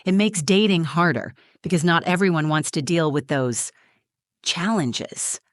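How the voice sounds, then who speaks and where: A condescending young bride-to-be, read by a woman narrator, talking down to her friend in a preachy, self-satisfied way. Her voice sits fairly low for a woman. It sounds dry and close, with no room around it. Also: expressive, measured pace, dry recording. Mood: smug. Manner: preachy, patronizing.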